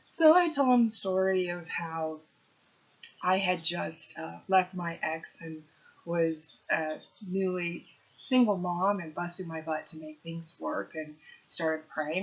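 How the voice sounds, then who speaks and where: Middle-aged female comic, lively storyteller with wry asides; lowish voice, muffled lo-fi sound. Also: a little slow. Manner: animated, punchy delivery with playful asides. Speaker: stand-up comedian. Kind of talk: storytelling monologue.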